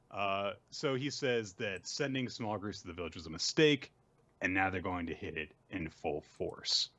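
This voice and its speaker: A man casually recapping manga chapters on a podcast, often jumping into quick voiced lines. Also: sits low, expressive, fairly bright tone, no echo. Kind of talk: casual chat.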